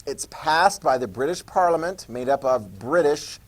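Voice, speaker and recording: Speaking at normal speed with an animated, medium-pitched voice, a man teaches a history class in a conversational lecture style. He repeats key points and checks that his students are following along.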